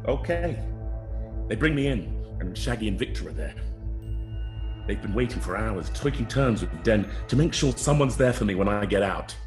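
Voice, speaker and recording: Deep-voiced man reading a story. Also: expressive, moderate pace, a little mellow, soft background music. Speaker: podcast co-host. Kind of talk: reading a book excerpt aloud.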